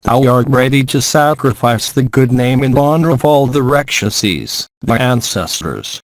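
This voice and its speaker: A man's voice: mid-range voice, lively intonation, measured pace, dry recording. A man reading aloud as a wrathful, hungry male demon who eats human flesh, speaking in scornful, archaic phrases.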